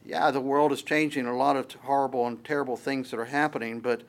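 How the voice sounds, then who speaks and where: A man's voice: medium pitch, fairly even intonation, fast talker. A man preaching a sermon as pastor, conversational and emphatic, often restarting his phrases.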